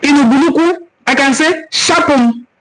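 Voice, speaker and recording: A Nigerian-accented man leads a cultural forum live stream, teaching and taking viewer comments in an earnest, preaching style while repeating words for emphasis. His voice sits high and expressive at a normal speed, and the poor audio carries a little hiss or hum.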